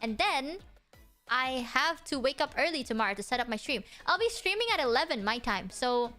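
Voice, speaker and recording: Streamer, female, high bright voice, playful and foul-mouthed, faint music behind. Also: big pitch swings, moderate pace. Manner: playful, swears freely. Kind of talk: casual livestream chat.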